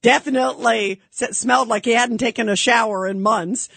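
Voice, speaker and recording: A woman's voice: a little high, fairly even intonation, normal speed, vocal fry, fairly bright tone, slightly rough, no echo. A woman hosting a call-in radio talk show, telling a story and thanking callers in an emotional, effusive, patriotic way.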